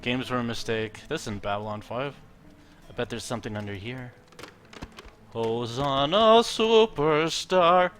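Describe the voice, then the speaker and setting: A man's voice: lowish voice, steady tone, fairly quick, fairly bright tone. A man streaming a game, joking and swearing casually as he reads on-screen text aloud. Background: game music.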